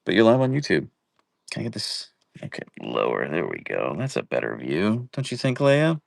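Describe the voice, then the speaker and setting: Young man, casual live stream host, jokey and animated, low-pitched. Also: moderate pace, gravelly, no room sound, clean studio sound. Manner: playful, jokey, greeting viewers by name. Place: at home, indoors.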